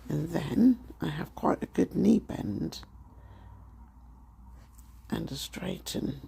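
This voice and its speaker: Croaky British male vlogger, husky and mellow, talks openly to his phone with lots of ums. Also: fairly high pitch, takes it slowly. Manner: chatty and candid, with frequent ums. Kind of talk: casual chat to camera.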